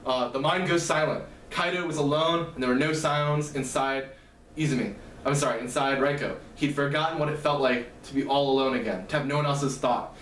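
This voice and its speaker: A man retelling the plot of a novel in a halting, casual way, often correcting himself. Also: mid-range voice, fairly bright tone. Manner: halting, frequent fillers and self-corrections. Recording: echoey room, mic at a distance, faint hum.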